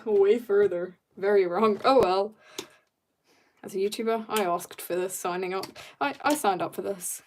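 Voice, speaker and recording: A woman's voice: medium pitch, a little mellow, a little hiss or hum. A woman livestreaming as she draws, chatting casually with her viewers in a bubbly way and laughing often. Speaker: livestreaming artist. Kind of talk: casual chat while drawing, reading chat.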